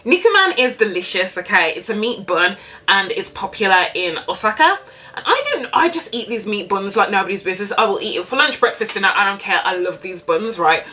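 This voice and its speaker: Young woman vlogger, bright voice, candid and sweary storyteller. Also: mid-range voice, fairly quick. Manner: candid, animated, swears freely. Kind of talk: casual storytime.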